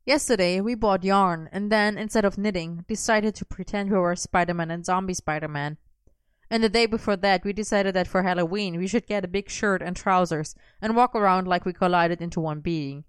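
A woman's voice: fairly low pitch, fairly quick, clean tone, dry recording, clean studio sound, lightly acted. A woman reading a story and voicing an earnest, somewhat awkward young man who rambles on.

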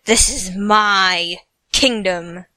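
A woman voicing a blustering, tyrannical old king in a comic storybook reading, shouting and ranting. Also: on the low side, level tone, slow pace, no echo, voice pushed down.

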